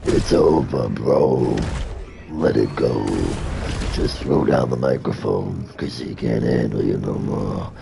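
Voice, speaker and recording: A man putting on the voice of a menacing male demon, speaking slowly and ominously. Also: a bass voice, creaky, background noise, voice pushed down, full character voice. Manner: slow, drawn-out, ominous delivery.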